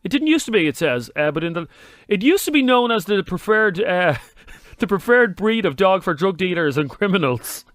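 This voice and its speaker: A man hosts a radio chat show, teasing and playful as he banters. His voice sits fairly high and swoops around a lot, and the studio sound is dry and close. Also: sing-song, normal speed, fairly bright tone, dry recording. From Ireland.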